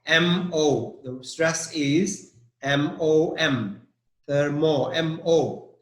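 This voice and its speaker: A male English teacher speaking at a very slow, careful pace, repeating each word several times so his students can hear it. His voice sits a little high. The sound carries a noticeable room echo. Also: fairly bright tone. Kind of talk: online vocabulary lesson.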